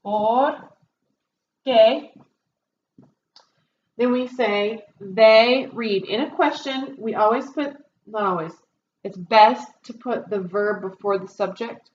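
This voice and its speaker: Slow-talking woman teacher in an echoey room. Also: medium pitch, dull audio. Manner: explaining step by step, many ums. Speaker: Spanish teacher. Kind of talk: classroom review lesson. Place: classroom.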